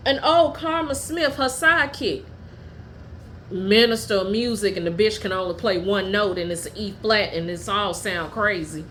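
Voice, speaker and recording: A woman hosting her own podcast, telling personal stories in a blunt, profane and heated way, at times dropping low and quiet. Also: a little hiss or hum. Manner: drops low and quiet when telling family matters. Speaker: podcast host. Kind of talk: candid personal storytelling.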